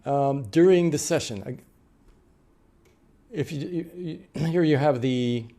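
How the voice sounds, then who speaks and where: A middle-aged man gives a lecture, walking his listeners through examples step by step. His voice is gravelly, with a mellow, darker tone. He often stops and restarts mid-sentence. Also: a little high, unhurried. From United States. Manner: explanatory, with frequent fillers and restarts. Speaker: interpreter trainer. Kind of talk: lecture on note-taking.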